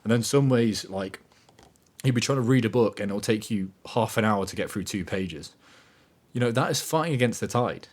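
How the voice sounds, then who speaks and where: A man hosting a podcast, talking in a casual motivational monologue that is animated and emphatic, swearing freely. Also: on the low side, normal speed. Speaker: podcast host.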